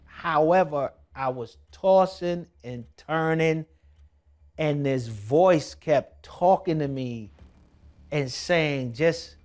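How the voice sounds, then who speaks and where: A man telling a personal testimony in a vlog, moving from hushed tones to emphatic shouting. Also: a little high, slow pace. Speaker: documentary vlogger.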